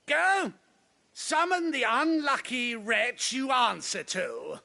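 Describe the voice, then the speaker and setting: A man's voice: extremely high pitch, expressive, slow, vocal fry, pushed and bright, exaggerated voice. An actor playing an arrogant, cruel nobleman in a video game, with a haughty, theatrical, sneering delivery. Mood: scornful. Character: arrogant cruel nobleman, middle-aged man.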